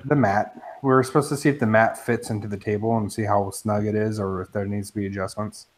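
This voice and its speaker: A man co-hosting a casual live-streamed hobby talk show, excitable and joking. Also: lowish voice, fast talker. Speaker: podcast co-host.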